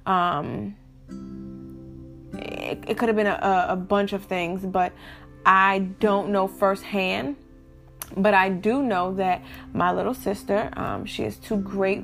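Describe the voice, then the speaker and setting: A woman's voice: medium pitch, creaky. Young woman vlogging with hiccups. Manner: candid, talks straight to viewers. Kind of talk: casual talk to camera.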